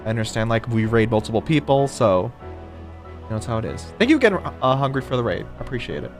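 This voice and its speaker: A man's voice: medium pitch, sing-song, quick pace, soft background music. A man streaming a video game live, chatting casually and greeting viewers by name.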